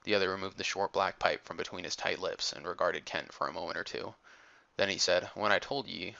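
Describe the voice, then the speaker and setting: A man reading an adventure audiobook in a measured, steady storytelling manner, on a dull lo-fi recording. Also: sits low, vocal fry. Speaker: audiobook narrator. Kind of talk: audiobook narration.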